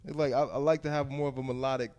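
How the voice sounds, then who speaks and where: A young man guesting on a podcast, laid-back and laughing, often dropping low and soft. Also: fairly even intonation, very fast, big-room sound. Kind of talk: casual chat.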